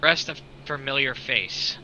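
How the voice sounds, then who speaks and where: Man, game master, casual narration, relaxed, swears, very bright voice. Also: medium pitch, measured pace, highs cut off, a little hiss or hum. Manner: relaxed, swears, laughs often.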